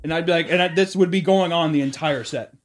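A man hosting a casual podcast, chatting and telling stories, often jumping into loud silly voices. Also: a little high, fast. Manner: animated, slips into loud silly put-on voices. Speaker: podcast host.

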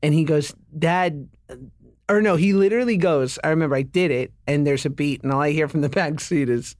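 A man's voice: on the high side, quick pace, no echo. A man in his thirties co-hosting a casual chat, joking and laughing often. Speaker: podcast co-host.

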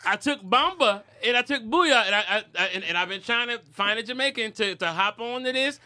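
A male comedian guest on a podcast, telling stories with playful, animated energy. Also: high-pitched, a little fast. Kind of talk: casual comedy podcast banter.

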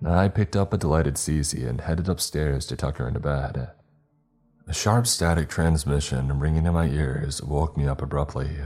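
Very deep, husky horror story narrator. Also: male voice, a little mellow.

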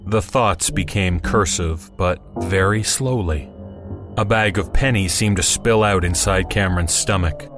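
Low-voiced man narrating horror. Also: measured pace, music in the background.

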